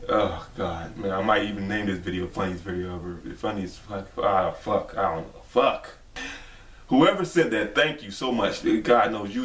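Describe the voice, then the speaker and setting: A man's voice: lowish voice, a bit bright, distant mic. A man casually commenting on a video, laid-back and swearing, worn out from laughing. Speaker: reaction video host. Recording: echoey room, from off-mic.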